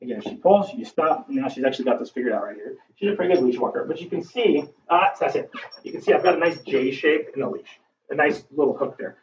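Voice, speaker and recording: A man's voice: on the high side, lively intonation, fast, darkish tone. A man working as a dog trainer, giving a casual instructional demonstration and talking through each step with fillers. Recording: distant, dull lo-fi recording with faint background noise.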